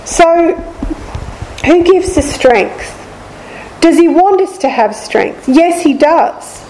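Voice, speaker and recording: A woman gives a slow, deliberate Bible teaching, repeating each key line. Her voice sits high but mellow and soft-edged. A faint hum of room ambience runs behind her. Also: animated, poor audio. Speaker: preacher.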